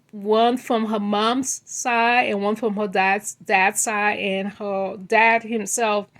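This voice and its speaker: High-voiced woman ranting slowly and scolding. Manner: scolding, exasperated, repeats herself. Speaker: commentary vlogger. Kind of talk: casual commentary rant.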